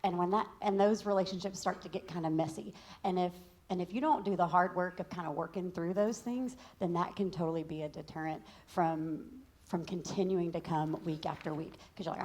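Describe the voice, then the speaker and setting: A Texan woman shares the pulpit, reading scripture aloud and breaking in with candid, joking asides. Her voice sits a little low for a woman. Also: fairly even intonation, fairly quick, a little mellow, a little hiss or hum. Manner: candid and joking, says y'all. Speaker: pastor's wife co-teaching.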